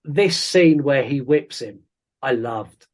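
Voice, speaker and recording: Slow and expressive, this man's medium-pitched voice carries his podcast co-hosting as he reviews a horror film. He chats casually, cracks jokes, rambles, and cuts himself off mid-thought.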